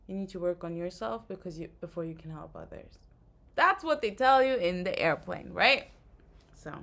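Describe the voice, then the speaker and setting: This woman speaks at a fairly low pitch with a somewhat bright tone. A vlogger ranting casually to camera, she sounds tired, exhausted and frustrated, rambling with lots of fillers.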